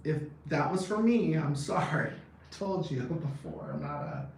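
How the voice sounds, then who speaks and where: A man's voice: a little high, lively intonation, a little slow, darkish tone. Blunt, profane man in his thirties. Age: 30s. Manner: blunt, profane, laughs often. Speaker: vlogger. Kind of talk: casual rambling chat. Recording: very echoey, distant from the mic, faint background noise.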